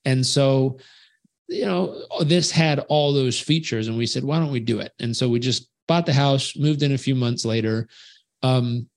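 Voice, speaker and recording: Animated male storyteller in a podcast interview. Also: mid-range voice, unhurried. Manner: animated storyteller who acts out quoted voices. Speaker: guest, life coach. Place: home on a rural island beach.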